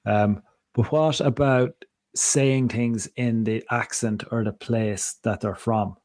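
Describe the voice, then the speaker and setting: A man chatting as a podcast co-host, his voice sitting at an ordinary middle pitch. He rambles and digresses, cutting himself off and circling back. The sound is dry and close, with no room echo. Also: steady tone, slow, a little mellow. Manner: rambling, digressive, self-interrupting. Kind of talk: casual chat.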